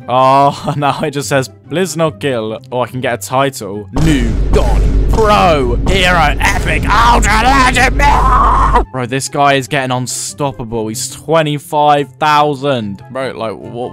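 A young man giving excited, reactive commentary over his own gameplay as a gaming YouTuber. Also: mid-range voice. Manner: excitable, yelps and laughs, quick reactions. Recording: faint background music.

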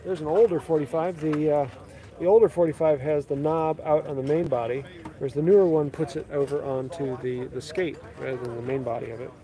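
Here a man's slightly high voice stays fairly even in intonation and moves a little quickly. He hosts a woodworking channel and casually tours an outdoor tool sale, calling out tools and what they cost as he goes, over the noise of a chattering crowd.

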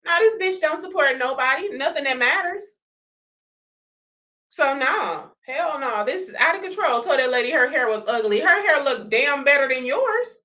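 A woman's voice: high-pitched, expressive, moderate pace, sharp tone, highs cut off. A woman hosting a reaction channel, ranting in blunt, sassy, profane commentary.

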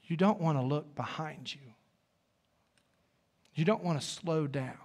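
A man's voice: a little high, expressive, unhurried, a little mellow. Man preaching with church reverb. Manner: conversational preaching, folksy asides. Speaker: pastor. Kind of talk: sermon. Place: church sanctuary.

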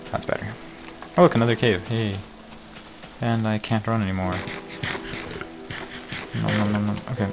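A man's voice: on the low side, fairly even intonation, moderate pace, vocal fry, long pauses, over music, poor audio. A man hosting a casual game video, joking and exclaiming at each mishap while he plays. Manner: jokey, exclaims at mishaps, mutters asides. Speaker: gaming video host. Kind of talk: casual let's-play commentary.

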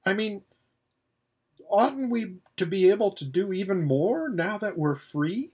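A man doing a shy gentle mare. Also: high voice, expressive, measured pace, breathy edge, voice pushed up, exaggerated voice. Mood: timid. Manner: hesitant, soft, pleading.

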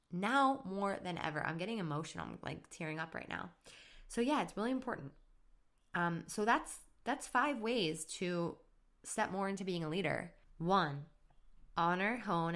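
Chatty female podcast host, lower-pitched, eager motivational coach tone. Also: fairly bright tone. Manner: upbeat, chatty, laughs at herself. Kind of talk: solo motivational podcast talk.

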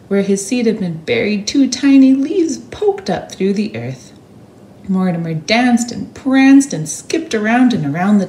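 A woman reading a picture book aloud to children at a church service, expressive and animated. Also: a little high, roomy sound, slight background noise. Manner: expressive, animated read-aloud with sound words.

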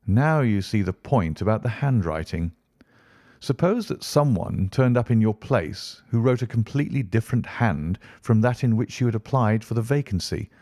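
A man reading an audiobook voices a brisk, impatient male detective who lectures in a crisp manner. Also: lowish voice, animated, a little mellow, no room sound, clean studio sound. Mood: lecturing.

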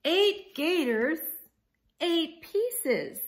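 A woman's voice: on the high side, expressive, very slow. A woman reading as a sensible young gator. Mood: earnest. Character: young female alligator, sensible pie-sharer.

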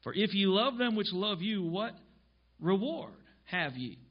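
A man's voice: high voice, sing-song, a little slow. A man pastor preaching a sermon emphatically, reading scripture aloud and explaining it. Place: church. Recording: dull lo-fi church recording.

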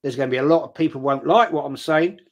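A middle-aged man chats bluntly on his livestream and reads out comments from viewers. His voice sits a little on the high side for a man. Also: fast. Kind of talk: casual livestream chat.

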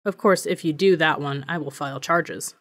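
A woman reading the part of a teenage boy who speaks calmly and deliberately while facing bullies. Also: low-pitched. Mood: calm defiant. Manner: deliberate, steady. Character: teenage boy, calm and defiant.

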